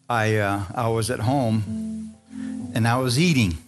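A man's voice: mid-range voice, takes it slowly. A man preaching a sermon, telling a personal story in a conversational way and calling out to the congregation. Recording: music playing behind.

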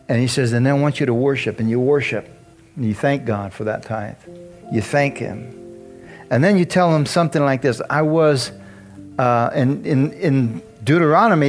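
A man preaching a casual sermon, telling a personal story with frequent laughs and lively asides. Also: medium pitch. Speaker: pastor.

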